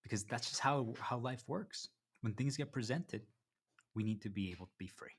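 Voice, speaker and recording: A man's voice: medium pitch, moderate pace, breathy edge. A man livestreaming from home, talking in a rambling, self-interrupting way and repeatedly addressing his viewers as "you guys," sometimes with his mouth full. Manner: eating while talking at times. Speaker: live streamer. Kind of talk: rambling livestream monologue to chat.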